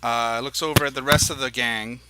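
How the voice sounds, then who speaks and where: A man's voice: mid-range voice, fairly even intonation, a little fast, noisy background. A man narrating as dungeon master in a tabletop game, describing scenes in a rambling, hesitant way with many fillers.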